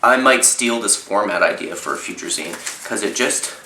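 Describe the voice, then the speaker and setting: Canadian guy, low-pitched and bright, upbeat zine reviewer, echoey room with faint hiss. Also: expressive, normal speed. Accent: Canadian English. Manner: enthusiastic, chatty, swears casually. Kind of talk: casual review vlog.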